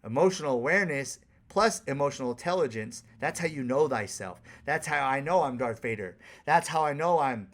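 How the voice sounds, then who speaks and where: A man's voice: medium pitch, lively intonation, fairly quick, few pauses. A man who works as a life coach, giving a candid, profane, conversational solo monologue on a podcast.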